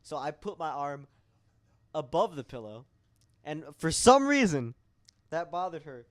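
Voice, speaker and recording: A man's voice: on the high side, sing-song, unhurried. Profane, indignant young man. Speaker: podcast guest. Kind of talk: casual storytelling.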